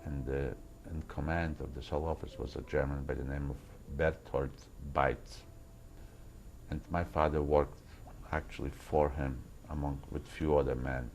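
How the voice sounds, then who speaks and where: Deep gravelly old man, halting testimony. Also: little pitch movement, a little mellow, faint music behind, rough recording. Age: older. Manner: halting, repeats words while searching for them. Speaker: interviewee recounting wartime memories. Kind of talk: personal testimony.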